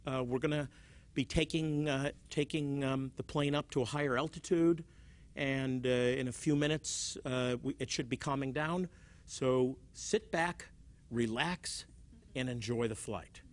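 A man playing a calm airline pilot who announces turbulence over the intercom. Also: mid-range voice, pitched below the performer's own voice, close to an everyday voice. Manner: calm, slow, reassuring, with small hesitations.

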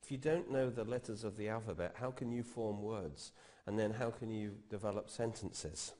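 Man preaching a steady teaching sermon. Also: fairly low pitch, normal speed. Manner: quotes scripture with rising emphasis; explains step by step like a teacher.

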